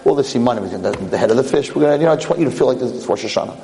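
A man voicing a kindly male rabbi who coaxes gently in a lilting tone. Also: mid-range voice, animated, racing, close to an everyday voice. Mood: coaxing. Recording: long hall reverb.

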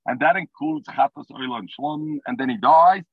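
A man's voice: fairly high pitch, moderate pace, breathy edge, no echo. A man teaching a Talmud class over the phone from his car, explaining the text in English mixed with Hebrew and Aramaic terms. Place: in a car while driving. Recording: tinny phone line.

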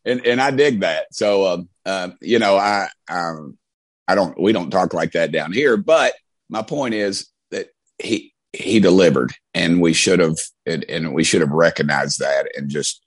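A man's voice: deep voice, dry recording. A middle-aged man with an East Tennessee Southern accent, telling folksy stories in a rambling interview style. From Knoxville, Tennessee. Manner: rambling, folksy, many restarts. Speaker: congressman guest. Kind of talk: casual storytelling interview.

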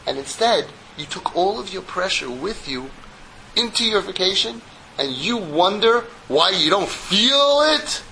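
A man's voice: sits high, big pitch swings, unhurried, bright, forceful tone, slight background noise, pitched above the performer's own voice, exaggerated voice, poor audio. A man playing a scolding doctor. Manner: scolding, lecturing. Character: exasperated male doctor, middle-aged.

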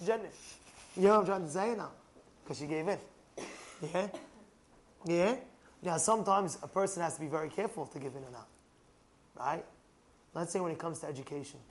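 A man, a rabbi, telling stories and teaching about marriage in a lively way, asking the listener questions and at times raising his voice to a shout. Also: high-pitched, normal speed, pauses often. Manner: animated, asks the listener rhetorical questions, raises voice to a shout for emphasis. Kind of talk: storytelling talk on marriage.

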